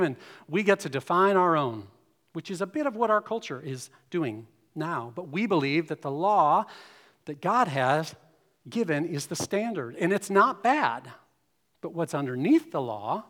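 A man's voice: fairly high pitch, a bit bright. Man preaching in a reverberant hall. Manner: expository preaching, reads scripture aloud. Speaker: pastor. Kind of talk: sermon.

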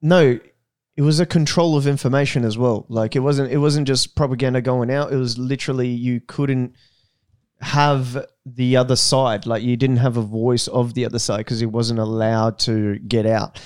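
A man's voice: medium pitch, fairly even intonation, a little mellow, smooth, dry recording, studio quality. A young Australian man hosting a podcast, chatting casually and joking around. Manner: joking, laid-back, quick asides. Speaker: podcast host. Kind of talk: casual chat.

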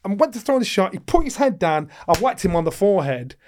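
A middle-aged man tells a story in an interview. His voice sits a touch higher than most men's. He acts out each person in the story and climbs loud and high at the big moments. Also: very animated, fast, a little hiss or hum. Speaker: guest, former boxing world champion.

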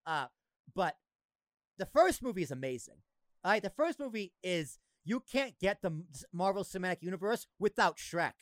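A young man hosting a podcast, chatting casually, excitable, swearing and laughing a lot. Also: high-pitched, moderate pace, no room sound. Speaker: podcast host. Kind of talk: casual chat.

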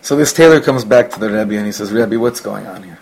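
A man's voice: lowish voice, fairly quick, creaky, darkish tone, poor audio. A man teaching a class, telling a Hasidic story mixed with Yiddish and Hebrew words and asides to his students.

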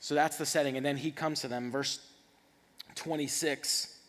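A man preaching a sermon, reading scripture and acting out the characters with lively swings and repeated words. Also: on the high side, normal speed, in a large hall. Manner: animated, acts out scripture voices, repeats words. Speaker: pastor.

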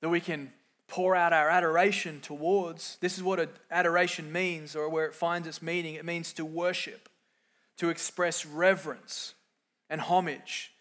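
A middle-aged man preaching a sermon, moving from quiet, reflective lines to loud, emphatic ones and acting out quoted voices. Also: fairly high pitch, level tone, moderate pace. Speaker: pastor.

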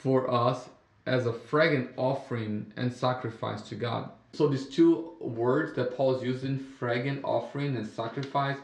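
A man from Brazil speaks English with a Brazilian Portuguese accent as he co-hosts a casual Bible study talk. His voice sits at an ordinary middle pitch, and he often stops and restarts his sentences. The room around him has a roomy echo. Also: gravelly. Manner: halting, many restarts, animated when telling stories. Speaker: podcast co-host.

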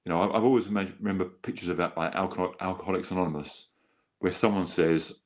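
Fast and steady in tone, with a voice that sits low, this man shares his story as a guest. His candid, conversational telling is earnest and rambling, full of restarted sentences and acted-out quotes.

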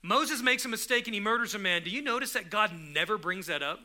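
A man's voice: sits high, lively intonation, a little fast, pushed and bright. A man preaching a sermon in a conversational way, often restarting his sentences and rising to emphatic bursts. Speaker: pastor.

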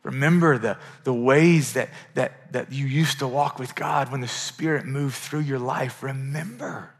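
Middle-aged guy pastor preaching, earnest and chatty, mid pitch voice, repeats himself as he builds. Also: steady tone, a little slow. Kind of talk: sermon.

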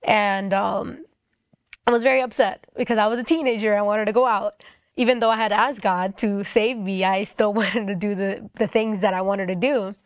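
Brief: young woman recounting a faith testimony, casual and rambling, mid-pitched, dry. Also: steady tone, no room sound. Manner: quick and chatty, full of "like". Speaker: guest sharing a testimony. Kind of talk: personal testimony storytelling.

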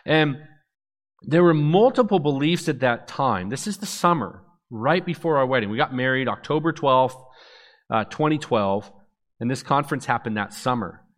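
A man in his thirties giving a personal testimony, an animated storyteller who acts out the dialogue. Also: medium pitch, moderate pace.

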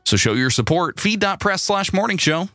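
A man's voice: high voice, big pitch swings, moderate pace, sharp tone, no room sound, soft background music. A male podcast co-host in casual joking chat, stumbling over restarts as he reads a sponsor spot.

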